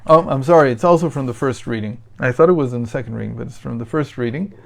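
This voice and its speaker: Leading a daily Torah lesson, this middle-aged teacher sounds hesitant and reflective, with lots of fillers and unhurried readings from the sources. He speaks at a medium pitch in a creaky voice.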